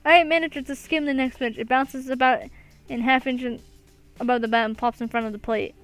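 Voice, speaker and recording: High, smooth-voiced woman reading a game aloud. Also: steady tone, fairly quick, fairly bright tone, faint music behind, low-quality recording. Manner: reads with frequent laughs and slips. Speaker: let's play gamer. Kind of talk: reading a visual novel aloud.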